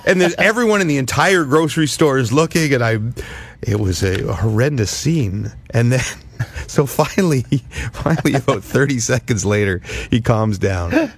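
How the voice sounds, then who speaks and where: A man's voice: moderate pace, breathy edge. A middle-aged man from Canada hosting a comedy podcast, telling a story in casual chat and acting out the people in it. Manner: animated storyteller, acts out quotes with high shrieks and laughs. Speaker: podcast host.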